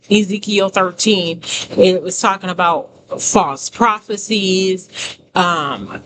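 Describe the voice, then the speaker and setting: A woman giving a conversational testimony sermon as a prophetic teacher, emphatic, repeating phrases and talking straight to her listeners. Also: on the low side. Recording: noisy background hiss.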